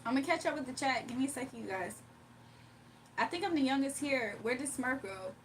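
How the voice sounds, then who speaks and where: A woman's voice: sits high, animated, brisk, fairly bright tone, recorded from a distance, a little hiss or hum. Chatty woman streamer, slightly off-mic. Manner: chatty, laughs often, reads chat messages aloud. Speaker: livestreamer reading chat. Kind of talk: casual livestream chat.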